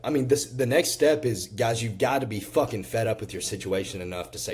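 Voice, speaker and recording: A man's voice: on the low side, lively intonation, a little fast, few pauses, darkish tone. A man in his twenties, a physique coach, speaking casually and earnestly to camera, full of "you know" fillers and swearing, turning into fired-up motivational urging. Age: 20s.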